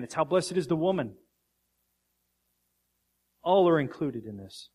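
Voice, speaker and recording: An earnest male pastor delivering a sermon, his voice sitting a little higher than most men's. He reads verses slowly and with weight, leaning into key phrases. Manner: earnest preaching, reads scripture aloud with slow emphasis.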